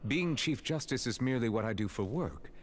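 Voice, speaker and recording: A man voicing a calm, formal chief judge who speaks politely and in measured tones, in a game. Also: mid-range voice, a little hiss or hum, close to an everyday voice. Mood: courteous.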